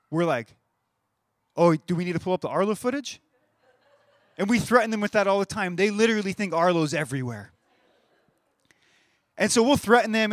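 A man's voice: sits high, no room sound, studio quality. A man in his thirties giving a sermon in a conversational way, often repeating words as he starts a phrase. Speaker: pastor.

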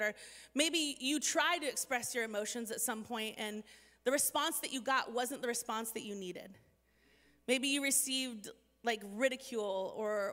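Chatty bright-voiced woman in an echoey hall. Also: high-pitched. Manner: chatty and earnest, frequent "like", self-deprecating asides. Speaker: speaker addressing an audience. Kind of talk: inspirational talk to a live audience.

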